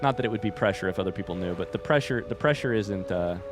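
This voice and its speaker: A man's voice: lowish voice, fast talker, over music. A man streaming a game live, chatting casually and rambling to his viewers. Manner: rambling, chatty, addresses chat directly. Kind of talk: casual livestream chat while gaming.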